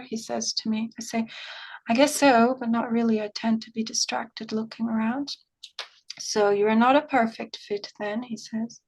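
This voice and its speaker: A woman talks with an interviewer, telling a long story and quoting the people in it. Her voice sits on the high side. She talks in an animated way. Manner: animated storytelling, quotes conversations in her own voice. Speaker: remote viewer. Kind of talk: conversational interview recounting an experience.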